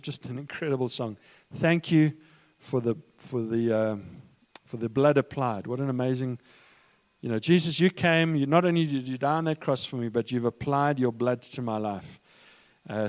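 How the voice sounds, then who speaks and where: A man preaching a sermon in a conversational manner, pausing with fillers and restarts. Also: mid-range voice, darkish tone. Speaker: pastor.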